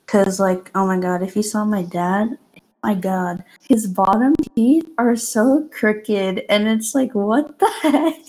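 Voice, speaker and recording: A woman's voice: mid-range voice, slow pace, darkish tone. A teenage girl co-hosting a casual podcast, laughing easily and apologizing often as she reacts to her friend. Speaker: podcast co-host. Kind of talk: casual chat.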